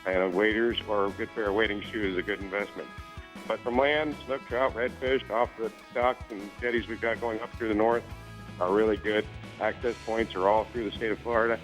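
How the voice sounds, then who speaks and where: Male fishing-report host, lowish voice, matter-of-fact, faint music under. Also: fairly quick, poor audio. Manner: steady, informative listing.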